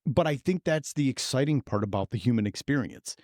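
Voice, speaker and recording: Forties male podcast host, excitable and crude, animated pitch, dry studio sound. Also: a little fast, no echo. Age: 40s. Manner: loud, profane, laughing, excitable. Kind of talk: casual podcast chat.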